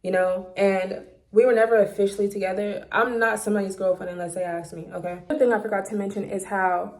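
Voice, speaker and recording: A woman's voice: mid-range voice, fairly even intonation, quick pace, darkish tone. A woman vlogger telling a personal story in a casual monologue, candid and blunt, swearing freely, recorded on a phone.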